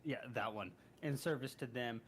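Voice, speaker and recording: A mid-pitched man playing a tabletop game, a little drunk and slurring slightly. He rambles and corrects himself as he recaps. A faint hiss sits behind him. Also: normal speed. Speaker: player. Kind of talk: casual tabletop game chat.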